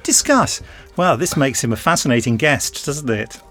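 A man's voice: mid-range voice, moderate pace, a bit bright, faint music behind. A man hosting a podcast in casual, teasing chat. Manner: joking, teasing. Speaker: podcast host.

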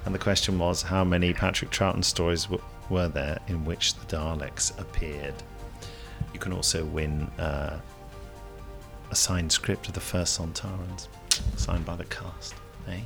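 A man's voice: sits low, steady tone, unhurried, gravelly, over music. A man co-hosting a podcast in casual chat, joking and laughing often. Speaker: podcast co-host.

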